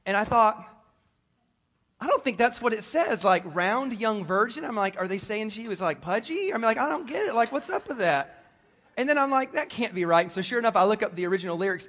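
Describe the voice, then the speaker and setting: High-voiced pastor preaching to a congregation. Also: male voice, lively intonation, a little fast, a bit bright. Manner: conversational, joking, talks straight to the congregation. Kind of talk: sermon.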